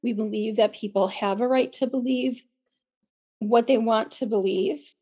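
A woman with a slightly high voice and a worn, fraying tone, as if she is losing her voice. She talks earnestly on a podcast, stumbling and restarting her sentences as she explains things to her listeners. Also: steady tone, unhurried, dark tone, slightly rough. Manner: earnest, repeats words and restarts often. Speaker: podcast co-host. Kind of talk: casual podcast talk.

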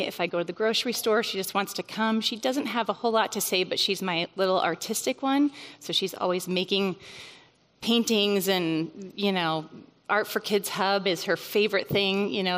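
A woman in her thirties gives a casual teaching talk to a mothers' group, chatty and conversational, with many fillers and bursts of emphasis. Her voice is mid-range and a bit bright, and the recording carries long hall reverb.

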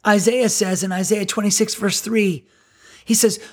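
A middle-aged woman pastor giving a sermon in a chatty, animated, self-deprecating way. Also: mid-range voice, moderate pace.

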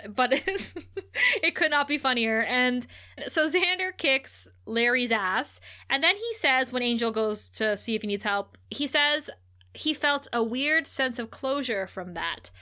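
She is a woman with a high, bright voice, chatting casually as a podcast co-host. She talks in a loose, chatty way and keeps breaking into giggles as she recaps the plot. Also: expressive, unhurried. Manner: giggly and chatty, laughs often. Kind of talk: casual episode recap chat.

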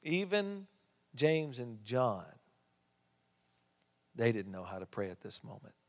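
A male pastor preaching a sermon, with emphatic rises and hushed drops. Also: medium pitch, very animated, slow pace. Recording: long hall reverb.

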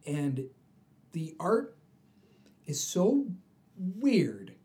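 A man's voice: on the high side, very slow. A man co-hosting a casual podcast, retelling a comic book story with lots of energy and acting out the characters' lines. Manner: animated storyteller, acts out the characters' voices. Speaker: podcast co-host.

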